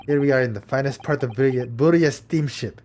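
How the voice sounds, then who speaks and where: A man's voice: mid-range voice, fairly quick, a little mellow, a little hiss or hum, lightly acted. Man reading a surly ship's guard in game dialogue, put-on Russian accent, clipped and scornful. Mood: boastful. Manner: broken English, curt and scornful. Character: burly gruff male sailor, surly guard.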